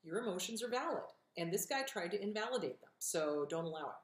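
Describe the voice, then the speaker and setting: A woman's voice: medium pitch, lively intonation, fast talker. A middle-aged woman from California hosting an advice show, blunt and direct, swearing freely as she answers viewer questions. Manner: direct, emphatic, encouraging. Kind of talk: casual advice talk. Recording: echoey room.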